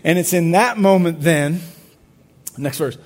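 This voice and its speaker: A man's voice: fairly high pitch, a little slow. A man preaching a sermon in a conversational way, asking the congregation questions and often repeating his words. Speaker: pastor.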